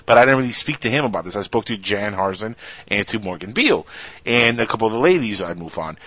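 Fast-talking man telling animated stories. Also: fairly low pitch, no room sound. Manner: animated storyteller; acts out other people's voices when quoting them. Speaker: guest, radio show co-host. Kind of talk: casual podcast chat.

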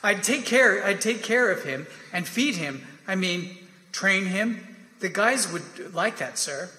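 A man's voice: high voice, lively intonation, slow pace, sharp tone, exaggerated voice. A man reading the part of an eager young army lieutenant who keeps pleading with his superior in a staged play reading. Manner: wheedling, persistent, keeps saying sir. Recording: echoey reverberant hall.

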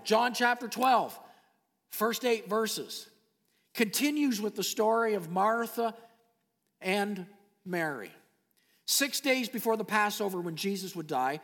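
A man preaching a sermon, animated, dropping to soft low tones when he reads scripture. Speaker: pastor. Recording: long hall reverb.

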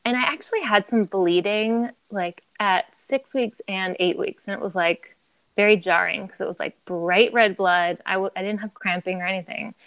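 Chatty woman with a gravelly edge. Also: mid-range voice, normal speed, a bit bright, dry recording. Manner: chatty, heavy use of "like", laughs often. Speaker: podcast guest. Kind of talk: candid conversational storytelling.

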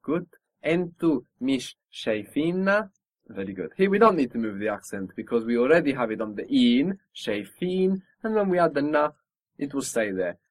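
A man's voice: a little high, animated, fast, no echo. A man teaching a spoken language lesson, patiently modelling pronunciation and encouraging his student.

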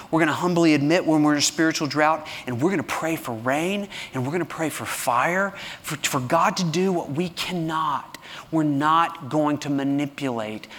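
A man preaching a sermon as pastor, with a dry, sarcastic humor, swinging between hushed moments and loud, passionate delivery. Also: a little high. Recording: long reverb of a large hall.

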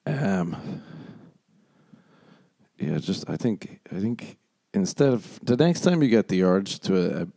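A man's voice: deep voice, big pitch swings, slow pace, gravelly, long pauses, warm tone, dry recording. Profane, sardonic male podcast host. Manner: profane, sardonic, rambling, mocking voices. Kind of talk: casual solo rant.

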